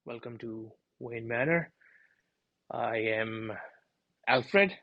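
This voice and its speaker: A man voicing a thin, frail, elderly butler who speaks with stiff formal politeness, softly and low in his husky voice. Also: very slow, no room sound, dull audio. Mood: stiffly polite. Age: older.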